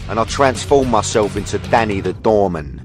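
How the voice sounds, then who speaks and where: Brief: male voice-over, lowish pitch, dramatic first-person narration over music. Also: animated, moderate pace.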